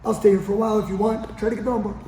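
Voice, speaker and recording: A grappling coach demonstrates a technique on the training gym mats, frequently checking in with his partner along the way. His voice is high-pitched and warm, level in tone and very fast. Long reverb fills the echoey gym.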